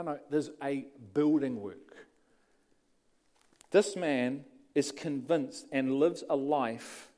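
A man preaching a sermon, shifting between quiet passages and emphatic lines. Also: fairly high pitch.

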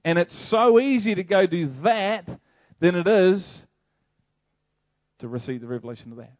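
Higher-voiced New pastor, tinny. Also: male voice, normal speed, no echo. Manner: animated, conversational preaching with rhetorical questions. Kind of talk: sermon. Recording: tinny phone-like, dry sound.

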